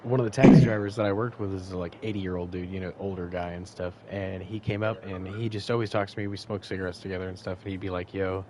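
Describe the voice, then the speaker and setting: A man's voice: deep voice, fairly even intonation, fast, few pauses, heavy background noise. A man telling a long, crude anecdote on a casual podcast, rambling, swearing often and losing his thread. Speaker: podcast co-host. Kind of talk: casual storytelling.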